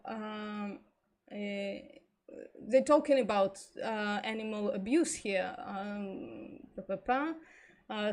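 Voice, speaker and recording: A woman hosting a live stream, reading and commenting aloud in a halting, thinking-aloud way, her voice getting hoarse. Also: mid-range voice, darkish tone. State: losing her voice. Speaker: vegan streamer.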